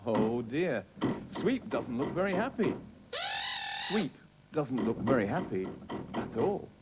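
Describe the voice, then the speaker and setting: A man's voice: medium pitch, very animated, takes it slowly, over loud music. A man presenting a children's TV show in a playful, exaggerated and giggly way.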